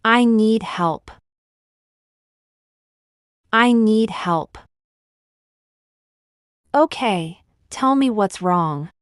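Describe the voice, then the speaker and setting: Woman, lesson narration, slow measured pace, crisp enunciation, dry sound. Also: a little high, lively intonation, dry recording. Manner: slow, deliberate, clearly enunciated. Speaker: English teacher. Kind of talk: slow scripted phrase lesson.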